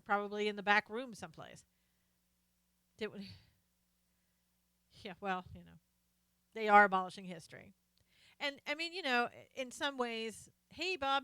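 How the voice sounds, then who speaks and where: A woman hosts a casual live stream, greeting viewers by name and reading their comments aloud. Her voice is smooth and clear at a middle pitch. She talks loosely, trailing off into fillers, on a dry, close mic. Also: fairly bright tone, no room sound.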